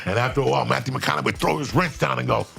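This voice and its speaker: A man telling a casual story, swearing freely and mimicking shouting friends. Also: mid-range voice, racing, gravelly, music in the background. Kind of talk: casual anecdote.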